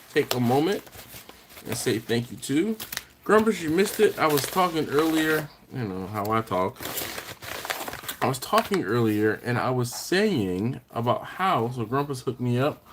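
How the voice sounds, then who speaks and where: Rambling barbecue host chatting live. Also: male voice, a little high, slight background noise. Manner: rambling, self-correcting, thanks viewers warmly by name. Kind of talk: casual live-stream chat, reading viewer comments. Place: at home.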